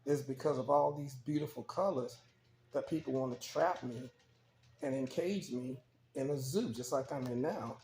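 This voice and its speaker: A man's voice: mid-range voice, moderate pace, a little mellow, reverberant, slight background noise, lightly acted. A man voicing a weary, caged male peacock in a spoken story, rueful and resigned.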